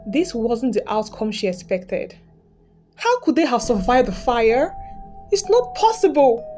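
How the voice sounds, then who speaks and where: A woman narrating a dramatic story in a steady, scripted storytelling style. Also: a little high, measured pace. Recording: background music.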